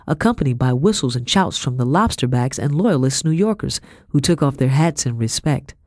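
A woman tells a first-person story in a measured, steady audiobook voice. She sits close to a studio mic in a dead, dry space with no echo. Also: rumbling low. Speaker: audiobook narrator.

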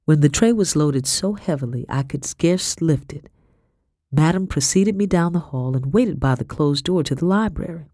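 A woman narrating a historical novel in first person, in a measured storytelling manner. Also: sits low, warm tone, no room sound, clean studio sound. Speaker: audiobook narrator.

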